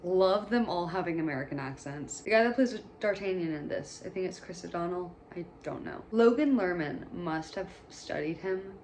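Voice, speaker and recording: Chatty low-voiced woman reviewing films. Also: a little hiss or hum. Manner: chatty, gushing and jokey. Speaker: movie reviewer. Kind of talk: casual movie commentary.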